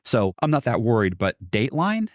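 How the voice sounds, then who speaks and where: A man's voice: mid-range voice, very animated, brisk, no echo, studio quality. A middle-aged American man, a podcast guest, telling a long story in a rambling way with many restarts and asides. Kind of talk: casual storytelling.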